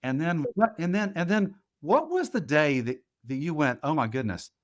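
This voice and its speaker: A man's voice: fairly high pitch, sing-song, moderate pace. A man hosting a podcast, asking rambling questions with lots of restarts. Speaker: podcast host. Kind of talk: casual interview chat.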